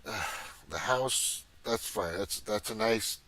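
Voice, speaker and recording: A low-voiced middle-aged man ranting on his livestream, swearing freely and circling back over his points. His talk wanders and restarts, heated and agitated throughout. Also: expressive, slow pace, bright, forceful tone, a little hiss or hum. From Missouri, USA. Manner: profane, rambling, agitated. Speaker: livestream host. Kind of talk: casual political rant.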